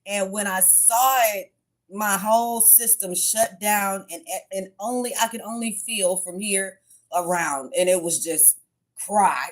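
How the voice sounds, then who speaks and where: A woman hosting her tarot channel, chatting casually on a livestream and telling a story in frank, profane speech. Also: mid-range voice.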